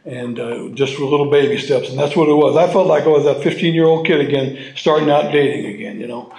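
A man sharing his personal story with an audience at a recovery meeting, halting and heartfelt, restarting and repeating his words as he goes. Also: on the high side, vocal fry, a little mellow. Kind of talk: personal testimony to a live audience. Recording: roomy hall sound.

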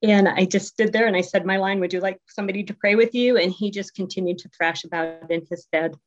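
A middle-aged woman speaking at a recovery group meeting, sharing her personal story in a heartfelt, conversational way with many ums and pauses. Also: mid-range voice, steady tone. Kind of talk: personal testimony share. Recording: dull lo-fi recording.

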